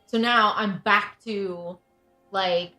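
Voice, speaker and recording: A woman's voice: medium pitch, steady tone, drawn-out words, bright, forceful tone. A woman in her thirties chatting casually as a livestream host, venting with frustration and frequent restarts. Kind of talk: casual chat. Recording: roomy echo, faint music behind.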